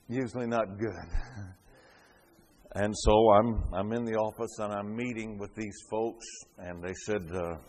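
A man pastor preaching a sermon, swelling to loud fervent peaks and dropping back quiet. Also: lowish voice.

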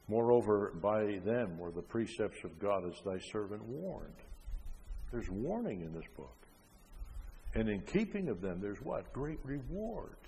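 An older man preaching a sermon, emphatic, with frequent rhetorical questions, rising loud and then dropping soft. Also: mid-range voice, gravelly, slight background noise. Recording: long hall reverb.

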